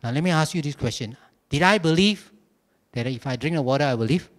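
Animated, fairly high-voiced male pastor preaching. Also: fairly quick. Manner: animated storytelling with humor. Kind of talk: sermon. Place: church service.

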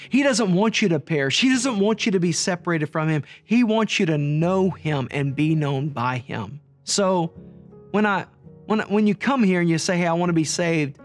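Man, high voice, earnest sermon to camera, repeats phrases, soft music underneath. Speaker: ministry leader. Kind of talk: gospel message to camera.

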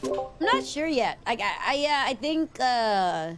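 A woman's voice: a little high, very animated, takes it slowly, fairly bright tone, faint music behind. A woman teammate in a game, talking casually, hesitant and reassuring. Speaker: streamer teammate.

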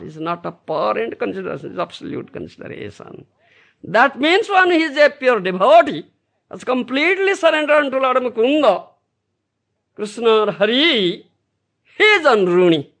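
Gravelly, high-voiced man lecturing slowly. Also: fairly bright tone. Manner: keeps asking the room "you understand?"; emphatic, repeats key phrases. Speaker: spiritual teacher. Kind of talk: scripture lecture. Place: Brisbane, Australia.

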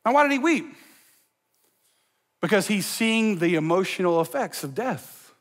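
A man preaching a sermon as a pastor in a church, energetic and joking, talking to the crowd in slang. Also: sits high, measured pace, in a large hall. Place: church sanctuary.

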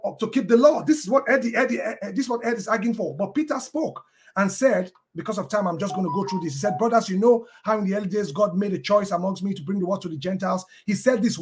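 Male debater, high-pitched voice, halting delivery full of fillers, reads out scripture passages. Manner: halting, with many ums and uhs and restarts. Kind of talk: debate argument quoting scripture.

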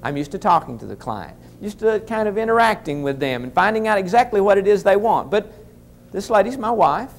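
Animated folksy male storyteller. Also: high-pitched, brisk. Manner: folksy, talks straight to the audience as folks. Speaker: motivational speaker. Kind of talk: humorous keynote storytelling.

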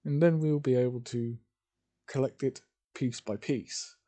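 Guy slowly making up a fan story, keeps stopping n fixing his words, kinda dark mellow tone. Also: medium pitch, fairly even intonation. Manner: halting, with many fillers and self-corrections. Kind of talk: improvised fan fiction storytelling.

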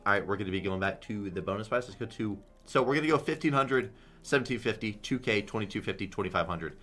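A young man giving casual, excitable commentary while playing a slot game, swearing freely. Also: on the low side, fast. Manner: excitable, swears a lot, chants "come on". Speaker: slot streamer. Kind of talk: live gambling commentary.

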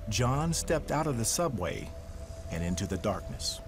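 A man reading the scripted narration of a documentary in a measured storytelling voice. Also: fairly low pitch, big pitch swings, over music.

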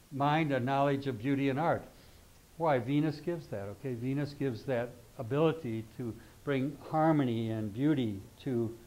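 An older man teaches an astrology class in an informal, conversational way, rambling into asides and repeatedly checking in with "okay?" His voice is mid-range with a darkish tone, and the recording is low quality.

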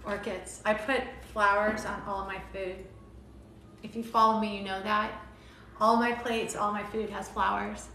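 A woman's voice: medium pitch, little pitch movement, measured pace, slight background noise. A woman from Arizona and Maui chatting casually and flirtatiously as she cooks on a live stream, greeting viewers by name. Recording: echoey room with loud background music.

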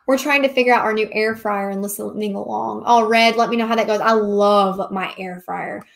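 A woman's voice: medium pitch, fairly even intonation, normal speed, creaky. A woman, chatting casually while hosting a live question-and-answer stream and laughing often. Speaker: livestream host, craft seller.

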